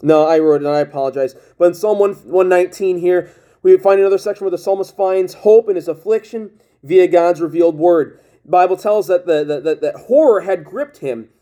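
High-voiced, mellow male preacher. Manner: reads King James scripture aloud, restarts often. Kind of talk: sermon.

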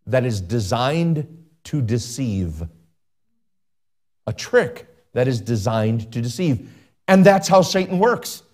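Emphatic male pastor preaching. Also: a little mellow. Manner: emphatic preaching with sweeping pitch rises and repeated phrases. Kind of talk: sermon.

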